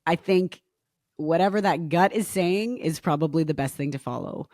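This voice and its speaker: A woman's voice: sits low, moderate pace, a little mellow, no echo, studio quality. Candid, reflective woman podcast guest. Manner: candid, reflective, often laughs. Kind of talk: casual podcast chat.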